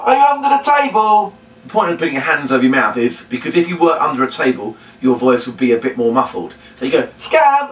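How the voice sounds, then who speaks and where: Male children's entertainer, halting instructional delivery, lively pitch, roomy distant mic. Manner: hesitant, many ums, bursts into loud high calls when demonstrating. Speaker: children's entertainer teaching a puppet routine. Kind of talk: instructional demonstration. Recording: roomy, distant mic, faint room noise.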